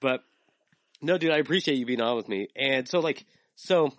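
A man's voice: medium pitch, moderate pace, no room sound. A young adult man hosting a podcast, chatting in an earnest, rambling way full of likes. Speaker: podcast host. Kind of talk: casual chat.

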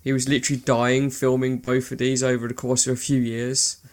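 A man's voice: mid-range voice, completely flat delivery, brisk. A man chatting casually about films in an earnest, heartfelt way, with some swearing. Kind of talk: casual film chat.

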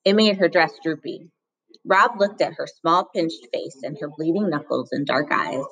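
Low-voiced woman reading a children's novel. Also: poor audio. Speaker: reader. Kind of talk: audiobook narration.

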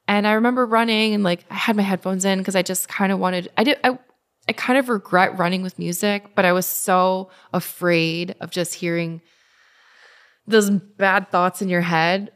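A woman's voice: mid-range voice, fairly even intonation, moderate pace, fairly bright tone, smooth. A young adult woman telling her story as a guest in casual conversation, chatty, with lots of fillers. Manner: chatty, many fillers, acts out quoted speech.

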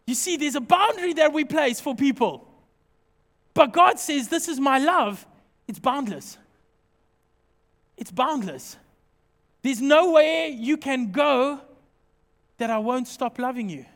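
A man preaching a sermon as pastor, animated and jokey, acting out small everyday scenes as he talks. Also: very high-pitched, slow pace, long pauses, big-room sound.

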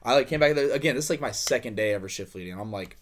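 A man's voice: mid-range voice, expressive, very fast. A young man co-hosting a podcast, telling a story in a rambling, profane way with many fillers and acted-out dialogue. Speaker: podcast co-host. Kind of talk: casual storytelling.

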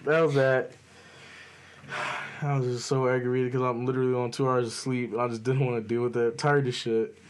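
A man's voice: mid-range voice, level tone, normal speed, a little hiss or hum. Laid-back young man telling stories. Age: 20s. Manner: laid-back storytelling, lots of swearing. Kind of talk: casual chat.

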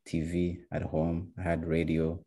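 A young man from Rwanda telling his story in a casual, halting way, with many restarts and fillers. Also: low-pitched, completely flat delivery, dark tone. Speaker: guest.

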